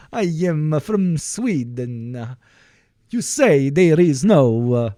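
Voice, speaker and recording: A young man voicing a goofy male panda in a slow, sing-song mock Swedish accent with broken English. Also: mid-range voice, dark tone, no room sound, clean studio sound.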